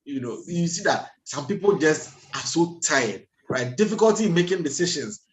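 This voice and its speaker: Guy doctor giving a health talk on a video call, kinda high voice, echoey room, lively and jokey. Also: moderate pace, slight background noise. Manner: lively lecturing, acts out everyday scenes, laughs at himself.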